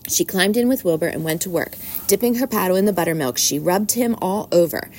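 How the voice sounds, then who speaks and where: A woman reading a children's storybook aloud at an unhurried, plain pace. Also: fairly low pitch, lively intonation, darkish tone, slight background noise.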